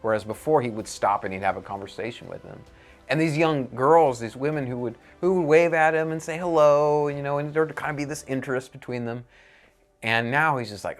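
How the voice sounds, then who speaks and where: A man's voice: medium pitch, a little fast, faint music behind. Earnest man telling a parable. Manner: earnest storytelling with restarts. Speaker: preacher.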